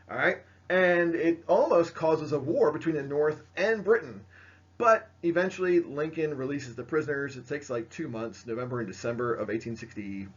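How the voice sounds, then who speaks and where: A man's voice: a little high, lively intonation, normal speed, slightly rough. Casual male history teacher, lo-fi sound. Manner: casual, filler-heavy, pointing at slides. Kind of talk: recorded classroom lecture.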